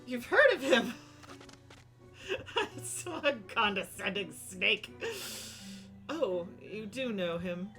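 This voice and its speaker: A woman's voice: medium pitch, sing-song, very slow, pauses often, pushed and bright, soft background music. A woman streaming a story game, reading its dialogue aloud in playful voices and laughing often between lines.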